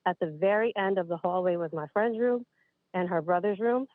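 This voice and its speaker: A slightly fast, medium-pitched woman in her late 20s, from upstate New York, rings in to share a spooky story. She sounds chatty and a touch breathless, addresses "you guys," and the dry, tinny phone line carries no room sound.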